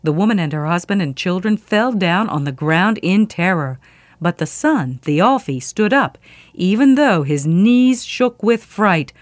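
A woman reading a myth aloud as a storyteller, expressive and vivid. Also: fairly low pitch, a little slow, no echo.

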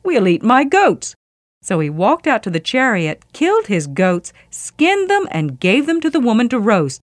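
Woman reading a myth aloud, lively pitch, dry close sound, expressive. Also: normal speed, no echo. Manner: expressive storytelling. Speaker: storyteller.

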